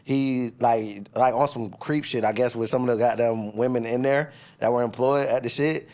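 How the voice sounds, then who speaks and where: A man's voice: mid-range voice, steady tone, normal speed, a little mellow. A young man from Decatur, Georgia, a rapper guest telling stories in loose, profane slang during a casual interview.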